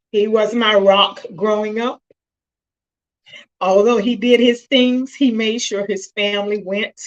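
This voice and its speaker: A middle-aged woman talks to her viewers through her phone during a live stream, her voice heartfelt and at times close to tears. She speaks directly to the people watching, pausing to compose herself before going on. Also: mid-range voice, dull audio. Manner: emotional, choking up and apologizing; warm, addresses viewers directly. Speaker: host of a self-help live stream.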